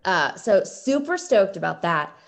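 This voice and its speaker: A woman's voice: medium pitch, sing-song, a little slow, creaky. A woman chatting casually as a podcast guest, rambling with many fillers like "like" and "um". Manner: chatty, lots of likes and ums. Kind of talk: casual chat.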